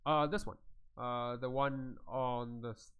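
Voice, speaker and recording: A man's voice: medium pitch, steady tone, takes it slowly, fairly bright tone, clean tone. A man narrating as game master of a tabletop game in a loose way, with plenty of fillers and frequent laughs.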